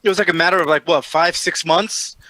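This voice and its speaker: A man's voice: fairly high pitch, steady tone, brisk, sharp tone, low-quality recording. A man co-hosting a casual wrestling chat, talking in a loose, slangy and profane way. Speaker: co-host.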